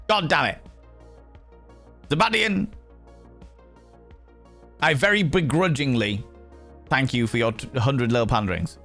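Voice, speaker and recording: A man's voice: medium pitch, a little slow, long pauses, a bit bright, faint music behind. A man hosting a livestream, chatting casually with viewers in a playful, theatrical way with mock outrage. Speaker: livestream host.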